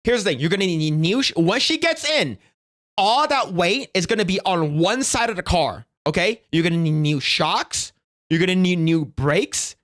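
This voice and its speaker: A man's voice: sits high, animated, moderate pace, a bit bright. A young man streaming, giving casual reaction commentary in a profane, rambling way with many restarts.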